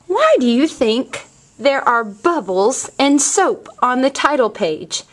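Slow, lively-voiced woman teacher. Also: high-pitched. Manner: slow, clear, questioning teacher voice. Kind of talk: reading a picture book aloud to children.

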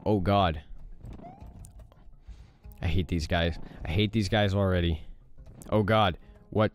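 A young man giving casual let's play commentary, reacting loudly to the game, groaning and swearing. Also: low-pitched, fairly even intonation, slow pace. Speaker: gaming YouTuber.

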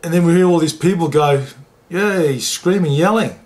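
A man, a former rugby league player telling an emotional story in an interview and getting lively when he quotes others. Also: a little high, moderate pace. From New Zealand.

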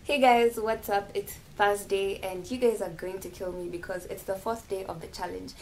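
Her voice is mid-range, her intonation fairly even, her pace moderate: a young woman casually vlogging in her bathroom at home, chatting to the camera set nearby, teasing herself and laughing often while background music plays clearly underneath.

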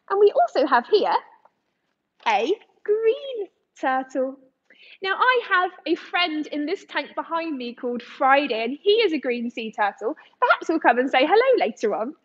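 An English aquarium educator stands in front of a tank, giving a live lesson to young children in a sing-song, encouraging manner. Her voice is extremely high-pitched, and the audio sounds dull.

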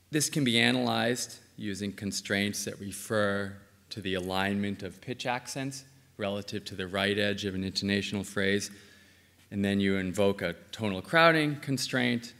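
A man's voice: on the low side, measured pace, vocal fry, fairly bright tone. Man lecturing in a reverberant hall. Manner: explanatory, frequent ums and uhs, says okay between points. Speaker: linguistics lecturer. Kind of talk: academic conference talk.

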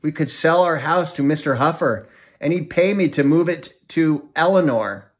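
A man's voice: fairly high pitch, normal speed, voice pushed up, lightly acted. A man playing a blunt, practical dad. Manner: blunt, dry, matter-of-fact. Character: blunt practical middle-aged father. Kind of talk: audiobook character reading.

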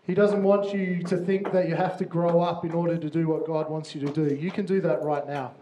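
Upbeat kids' minister, man, slightly high voice, roomy church hall with faint noise. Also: little pitch movement, fairly quick, mellow. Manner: upbeat, checks in with frequent "yeah?". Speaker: children's minister. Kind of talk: church talk to parents and children.

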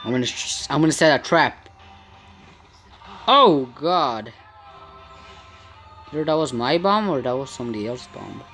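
A man hosting a gaming channel, giving excitable live commentary on his gameplay and often blurting startled exclamations. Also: medium pitch, unhurried, long pauses, soft background music.

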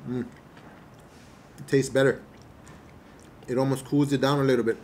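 A man doing a casual eating review to camera, relaxed and hesitant, with many fillers and chewing pauses, a little away from the mic. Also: mid-range voice, slight background noise. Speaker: mukbang vlogger. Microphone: camera mic at table distance.

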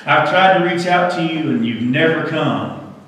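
A man voicing God, slow and grave, in an echoey hall. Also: fairly high pitch, animated, a bit bright, distant mic, a little hiss or hum. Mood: stern. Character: God as a booming voice from above. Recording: echoey church hall from afar.

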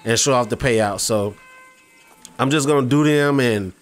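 A man's voice: medium pitch, a little slow, soft background music. A man casually commentating his gameplay, rambling and speaking straight to his viewers. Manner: rambling, many fillers and restarts, addresses viewers directly. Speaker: gaming YouTuber.

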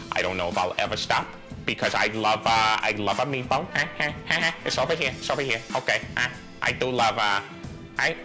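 A man's voice: on the low side, bright, forceful tone, pitched below the performer's own voice. A man imitating a dim-witted middle-aged cartoon dad who rambles and keeps saying uh. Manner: rambling, full of uhs.

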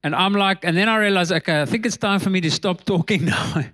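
Pastor guy preaching, high bright voice, animated storytelling, drops low when it gets tense. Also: fast. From South Africa. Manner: animated, laughs between lines, drops voice low for tense moments. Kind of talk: sermon storytelling.

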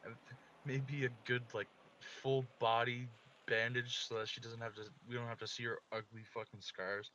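A man reading a visual novel aloud in a flat deadpan, slipping quick, crude jokes into muttered asides. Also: medium pitch. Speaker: gameplay commentator.

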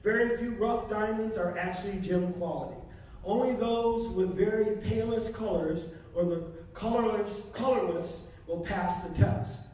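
High-voiced preacher in an echoing hall. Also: male voice, a little slow, darkish tone. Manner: fervent, repeating phrases for emphasis. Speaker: pastor. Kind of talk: sermon. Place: church sanctuary. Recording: echoey hall, voice from far off.

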